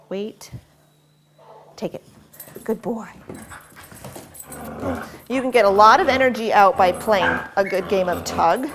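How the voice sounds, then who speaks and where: A woman's voice: mid-range voice, background noise. A woman dog trainer demonstrating tug play, explaining patiently between short commands to a dog.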